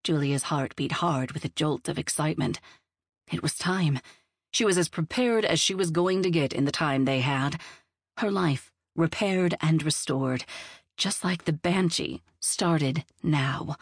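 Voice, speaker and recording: Low voiced woman reading an adventure novel, dry close sound. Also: unhurried, no room sound. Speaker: audiobook narrator. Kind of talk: scripted narration of a novel.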